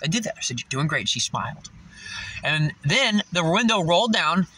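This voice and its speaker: A man's voice: high voice, big pitch swings, normal speed, sharp tone, poor audio. A man vlogging from a parked car, ranting bluntly and swearing constantly. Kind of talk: profane ranting monologue. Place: parked car in a parking lot.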